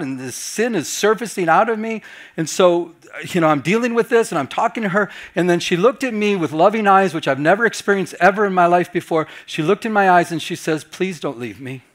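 A middle-aged pastor, a man, telling a personal story to his Bible study group. His voice sits fairly high for a man, and he swings from excited, loud re-enactments of his own reactions down to hushed, confessional tones.

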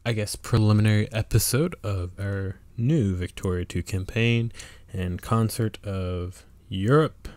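A man's voice: on the low side, a little slow, a little mellow, no room sound. A man hosting a let's play, giving casual strategy game commentary and thinking aloud with fillers and restarts.

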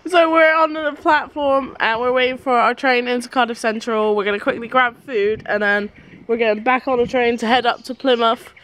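A woman's voice: fairly high pitch, steady tone, normal speed, a bit bright. A young woman from England chatting casually to camera in a travel vlog, giggly and swearing freely, filmed on a handheld camera. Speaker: vlogger. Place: train stations and a hotel room.

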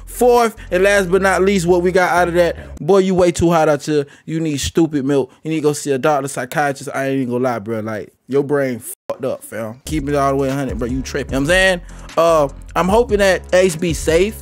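A man hosting a music reaction video, slangy and animated, talking straight to the rapper. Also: fairly high pitch, brisk. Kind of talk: casual reaction commentary. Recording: faint music playing behind.

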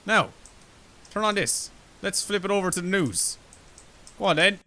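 A young Irish man playing a horror game, talking loudly and excitedly, swearing and yelping when startled. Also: high-pitched, normal speed, low-quality recording. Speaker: gaming YouTuber.

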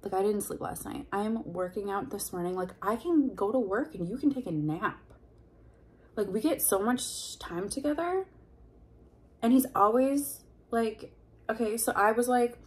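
A woman's voice: medium pitch, animated, a little slow. A woman telling a personal story in a confessional vlog, candid and heated, full of fillers and blunt swearing. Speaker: vlogger.

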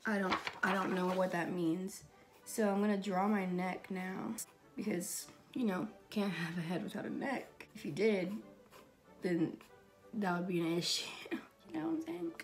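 A woman's low-ish voice comes at a moderate pace as she draws and chats casually for her vlog. She's a makeup YouTuber who rambles and jokes at her own expense, with music in the background.

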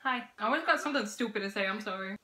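A young woman hosting a casual reaction vlog, gushing and excitable, laughing often and swearing freely. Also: mid-range voice, very fast. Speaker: reaction video host.

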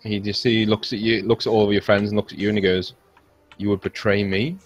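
A man's voice: fairly low pitch, level tone, fast talker, slightly rough, highs cut off. A man narrating as game master of a tabletop game, laughing often and stammering as he voices characters.

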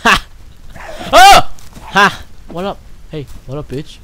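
A man giving loud, excitable, profane let's-play commentary while playing a survival horror game. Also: high voice, measured pace, pauses often. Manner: excitable, profane, yelling reactions. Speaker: gaming channel host.

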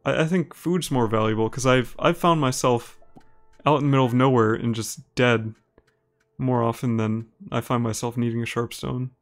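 A man from Minnesota with an Upper Midwest American accent, a live streamer giving relaxed, chatty gameplay commentary and reading viewers' messages aloud. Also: medium pitch, normal speed, faint music behind. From Minnesota, United States. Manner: relaxed and chatty, laughs easily, talks to viewers by name.

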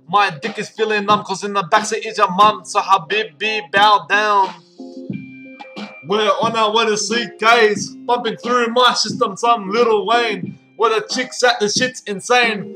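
Brash young street tough rapping in a put-on Arabic accent, high and bright, voiced by a man, swaggering over faint guitar. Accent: put-on Arabic-accented English. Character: boastful young male Western Sydney street tough. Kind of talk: comic parody rap over guitar.

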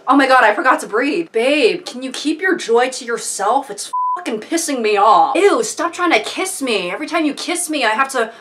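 A woman hosting comedic commentary, animated and mock-outraged. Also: high voice, moderate pace, hardly any pauses, slight background noise. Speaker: video host.

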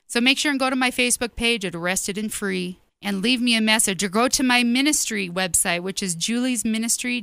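A woman's voice: mid-range voice, pushed and bright, clear, resonant tone, no room sound. A woman giving an earnest personal testimony sermon as host of her ministry show, speaking emphatically and directly to her listeners.

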